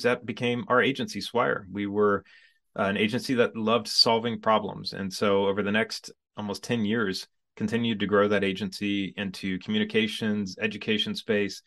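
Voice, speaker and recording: Guy in his 40s, kinda low voice, chatty animated storyteller on a podcast. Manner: animated storyteller who acts out his own past reactions. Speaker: podcast guest, business coach. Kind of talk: storytelling in a casual interview.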